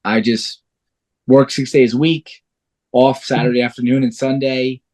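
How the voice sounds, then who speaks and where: A man's voice: mid-range voice, a little slow. A man in his thirties, a fighter and guest on a podcast, telling stories in casual chat and swearing freely. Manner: animated storyteller, swears freely.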